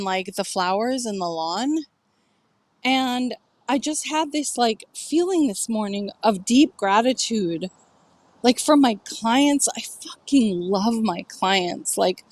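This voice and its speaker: Candid, emotional woman telling a story. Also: a little high. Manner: candid and emotional, swears freely, many "like" fillers. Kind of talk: casual personal storytelling.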